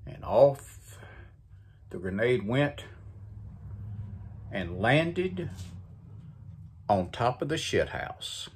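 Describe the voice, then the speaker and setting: A man's voice: mid-range voice, big pitch swings, drawn-out words, pauses often, a little mellow, a little hiss or hum. A man hosting a morning show, reading books and jokes in a folksy, storytelling way. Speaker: host. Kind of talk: casual joke reading.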